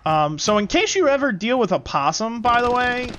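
A game streamer telling a rambling, profane story in casual chat while playing, with quick callouts to the match. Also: medium pitch, noisy background. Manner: gives quick gameplay callouts. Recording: loud game gunfire behind voice. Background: shooter game gunfire and announcer callouts.

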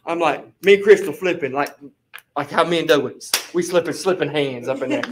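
A man sharing a rambling personal testimony with a Bible study group, animated and casual, peppering his talk with "flipping". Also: fairly high pitch, brisk. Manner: animated, rambling storyteller, repeats "flipping" as a filler.

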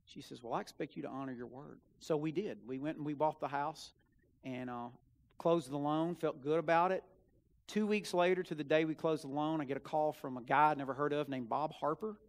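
Standing at the pulpit of a church sanctuary, a young student minister recounts something from his own life, his fairly high voice keeping a moderate pace and fairly even intonation. Quiet asides give way to forceful, loud bursts whenever he presses a point.

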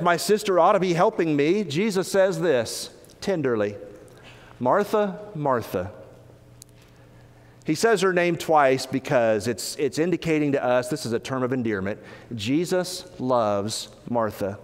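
A man preaching a sermon, earnest, often rising for emphasis and slowing down on key phrases. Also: a little high, animated, in a large hall. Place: church sanctuary.

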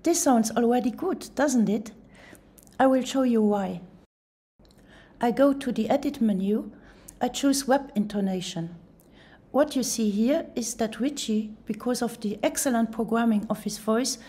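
In a calm voice-over, a woman walks through a music software tutorial step by step. Her voice is a little high yet soft and mellow.

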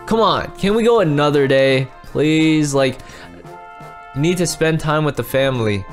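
A man narrating and voicing his own character in a casual game roleplay, excitable, often repeating words and restarting sentences. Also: on the high side, measured pace, faint music behind.

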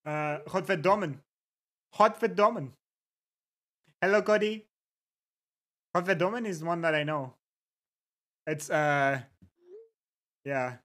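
This casual livestream features a medium-pitched streamer talking slowly and leisurely into a desk mic. They pause their musings to read chat and say a quick hello to viewers, and relish funny words by repeating them.

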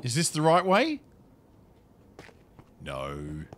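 A man's voice: medium pitch, huge pitch swings, very slow, fairly bright tone, slight background noise. Flustered man in gameplay chat. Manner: chatty, flustered, talks to game creatures. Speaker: gaming video creator. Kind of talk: casual gameplay commentary.

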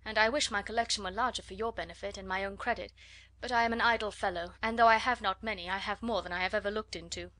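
A woman voicing an easygoing young gentleman who speaks in a cheerful, open way, in a storybook reading. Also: mid-range voice, fairly even intonation, fast talker, no room sound, lightly acted. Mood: genial.

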